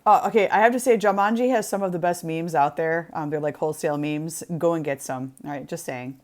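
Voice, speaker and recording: A woman's voice: deep voice, a little fast, darkish tone. Chatty joking woman hosting a stream. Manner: chatty and joking, greets viewers by name. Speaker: co-host. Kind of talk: casual livestream chat.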